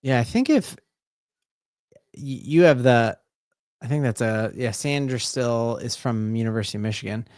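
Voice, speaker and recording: A man streaming live fan play-by-play commentary. He talks casually and rambles, then erupts into loud repeated exclamations. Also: mid-range voice, animated, moderate pace, pauses often, no echo, clean studio sound. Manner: rambling, casual, full of fillers and restarts.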